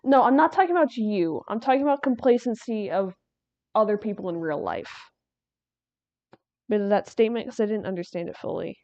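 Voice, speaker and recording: A woman's voice: mid-range voice, lively intonation, a little fast, darkish tone, dry recording, highs cut off. A woman streaming while she draws, chatting casually in a rambling way, laughing and restarting her sentences. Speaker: artist streamer.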